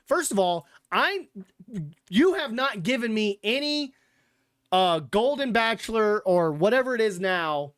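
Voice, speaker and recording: A man's voice: high-pitched, very animated, unhurried, a bit bright, clear, resonant tone, no room sound, studio quality. A young man hosting a livestreamed sports podcast, chatting loosely and sarcastically with some swearing. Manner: loose, rambling and sarcastic, with profanity. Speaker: podcast host. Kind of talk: casual livestream chat.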